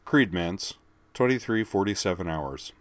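A man narrating an audiobook in a measured, even storytelling manner. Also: low-pitched, no room sound.

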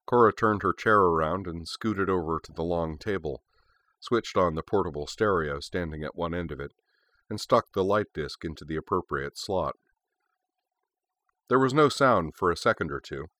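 A man narrating a story in a steady, measured way. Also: deep voice, dry recording. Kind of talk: story reading.

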